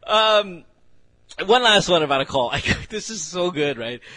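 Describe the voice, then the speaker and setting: A man's voice: high voice, lively intonation, measured pace, pushed and bright, dry recording. A man with a Filipino accent hosting a morning radio show, telling stories with frequent laughs. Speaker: radio host. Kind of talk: casual morning radio banter.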